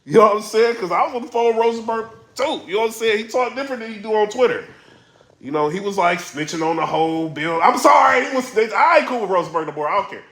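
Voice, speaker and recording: In a laid-back vlog, a high-pitched man talks quickly about the battle rap world, spinning animated, slang-heavy stories. The room is echoey.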